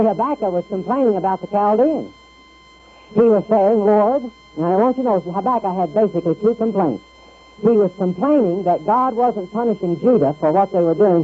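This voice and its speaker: A man preaching a radio sermon in a conversational way, with hesitant restarts and lively quoted voices. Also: sits high, husky. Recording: tinny phone-like radio broadcast with faint music.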